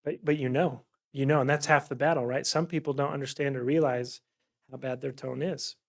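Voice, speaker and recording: A man's voice: medium pitch, fairly even intonation, brisk, vocal fry. A man leading a workshop presentation at a city council meeting, talking in a chatty way and often checking in with "right?". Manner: chatty, keeps asking "right?". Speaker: workshop facilitator. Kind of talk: conversational presentation.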